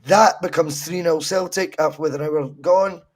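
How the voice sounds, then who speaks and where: Scottish male podcast co-host, fairly high husky voice, sweary and animated. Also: moderate pace. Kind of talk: casual football podcast chat.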